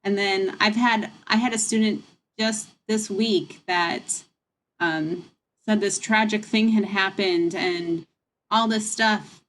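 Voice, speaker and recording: A woman's voice: mid-range voice, fairly even intonation, slow pace, a bit bright, slight background noise. Woman, meeting leader, video call, chatty, frank, rambling. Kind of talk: casual meeting talk.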